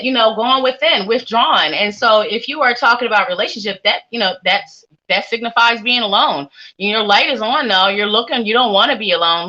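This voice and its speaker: Bright-voiced chatty woman reading tarot. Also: mid-range voice. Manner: warm chatty, sing-songy, playful asides. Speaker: psychic tarot reader. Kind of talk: live-streamed reading for viewers. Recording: lo-fi stream audio.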